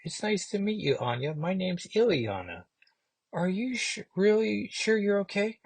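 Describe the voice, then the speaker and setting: A man doing a high-voiced young sorceress with a fake Russian accent. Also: big pitch swings, measured pace, husky, no echo, exaggerated voice. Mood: reassuring. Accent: put-on Russian. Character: young heroic sorceress woman, cocky and kind.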